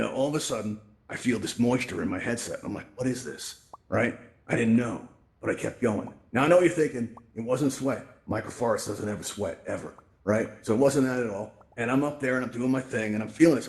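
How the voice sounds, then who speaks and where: A man hosting a virtual reality event, telling stories in a casual, animated way and often checking in with "right?", on a VR headset mic. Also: medium pitch, a little fast, gravelly. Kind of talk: casual live presentation with storytelling.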